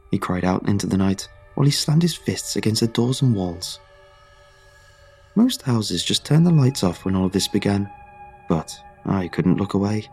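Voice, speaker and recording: A man narrating a first-person horror story in a steady, measured way. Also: lowish voice, husky.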